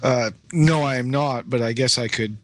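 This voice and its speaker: A man's voice: medium pitch, normal speed. A man chatting on a casual podcast, making dry, wry remarks. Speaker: podcast co-host.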